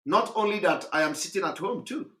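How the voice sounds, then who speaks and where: A hoarse man, hosting a live address, talking repetitively with laughs and emphasis. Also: high-pitched, lively intonation, a little fast, sharp tone, reverberant. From Nigeria. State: hoarse, recovering voice. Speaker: host of a live broadcast.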